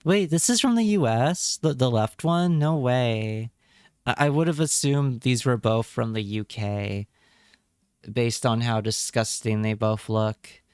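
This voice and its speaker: A man's voice: medium pitch, a little mellow, clean tone, no room sound, clean studio sound. A man streaming live, chatting casually with his viewers and reacting with wry remarks and repeated words.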